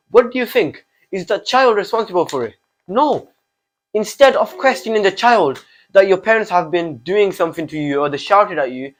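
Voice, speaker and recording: A man's voice: sits high, lively intonation, normal speed, rough recording. A fifteen-year-old boy hosting his own channel, delivering an impassioned opinion monologue full of repeated rhetorical questions. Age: teens. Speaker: channel host.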